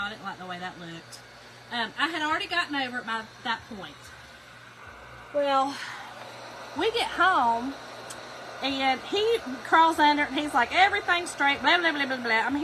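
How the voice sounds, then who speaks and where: Lively, bright-voiced woman. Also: high-pitched, background noise. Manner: animated, laughing, talks straight to viewers. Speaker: craft segment host. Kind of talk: chatty livestream storytelling.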